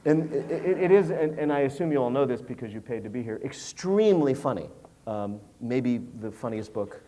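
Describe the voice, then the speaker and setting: Dry teasing guy interviewing someone on stage, middle pitch. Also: lively intonation, moderate pace, dark tone, slight background noise. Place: stage before a live audience.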